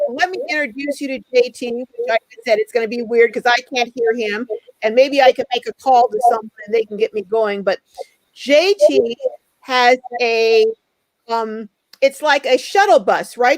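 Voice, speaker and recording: A woman's voice: on the high side, moderate pace, no echo, low-quality recording. A woman hosting a live stream, chatting and greeting viewers by name as she reads out their comments.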